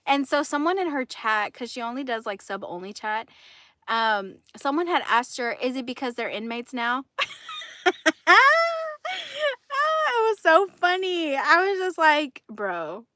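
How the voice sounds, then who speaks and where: A woman's voice: a little high, big pitch swings, moderate pace, pushed and bright, dry recording. A woman hosting a livestream, telling gossip in a casual, indignant way and laughing often. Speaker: livestream host.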